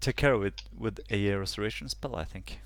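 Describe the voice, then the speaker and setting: A man narrating as game master over an online call, halting and full of "uh" fillers. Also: on the low side, creaky.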